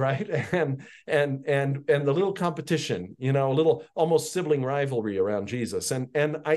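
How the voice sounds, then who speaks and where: A man's voice: on the high side, a little mellow. A man teaching a Bible passage on a podcast in a conversational way, reading verses aloud and then paraphrasing them in his own words. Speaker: pastor.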